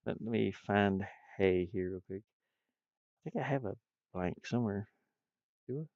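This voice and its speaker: Gravelly and a little mellow, this man's low-ish voice moves a little slowly as he streams himself building a game, nose stuffed up. As an indie developer, he rambles casually, talks to himself, and chuckles often, all in a dry, lo-fi recording.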